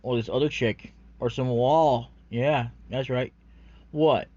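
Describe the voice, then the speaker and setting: A man putting on a sneering voice that mocks a lonely viewer, loud and jeering, on a dull lo-fi recording. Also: mid-range voice, takes it slowly, dry recording. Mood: mocking. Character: sneering taunting male voice mocking a lonely viewer.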